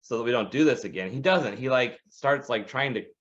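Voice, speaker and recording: A man's voice: mid-range voice, fairly quick, muffled recording. A man co-hosting a podcast, telling a story in casual chat and acting out the voices of people he quotes. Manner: animated, acts out quoted voices. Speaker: podcast co-host.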